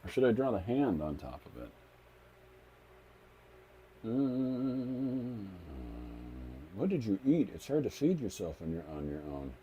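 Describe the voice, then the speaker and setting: A man's voice: mid-range voice, very animated, unhurried, long pauses, mellow, dull audio, slight background noise. A middle-aged man streaming as he draws comics, chatting casually and thinking aloud with frequent restarts. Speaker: comic artist streaming his drawing. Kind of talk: casual live-stream chat while drawing.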